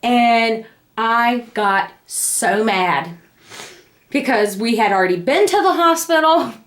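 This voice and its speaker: Animated young woman telling a story. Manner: animated, acts out the quoted lines in a high voice. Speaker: vlogger, mother telling a birth story. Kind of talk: casual storytelling to her family. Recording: echoey room.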